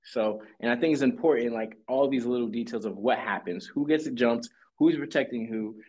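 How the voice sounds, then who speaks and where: A man in an easygoing podcast conversation, mid-pitched and lively. He recaps events with big leaps in his voice and brief impressions of the people involved. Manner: animated storytelling, acting out lines in quick voices. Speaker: podcast co-host. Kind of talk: casual recap chat.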